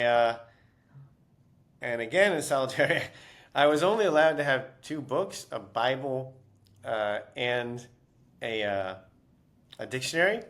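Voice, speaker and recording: A man's voice: medium pitch, fairly bright tone. A man being interviewed as an author, telling stories casually with many fillers and restarts.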